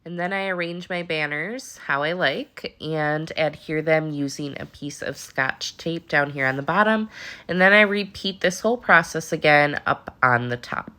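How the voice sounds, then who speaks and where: A woman's voice: deep voice, moderate pace, sharp tone, smooth. A woman with a stuffy nose from allergies, hosting a casual crafting tutorial in a chatty, upbeat way and talking straight to her viewers. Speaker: papercraft tutorial host.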